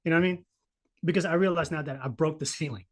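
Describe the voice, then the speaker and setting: A man in his thirties telling a personal story in casual podcast chat, profane and animated, acting out the voices of people in it. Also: on the high side, fast talker.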